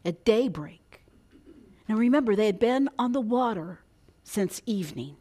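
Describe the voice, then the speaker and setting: A woman's voice: mid-range voice, animated, unhurried, mellow. A woman preaching a sermon, dramatic, dropping to a whisper and rising for emphasis.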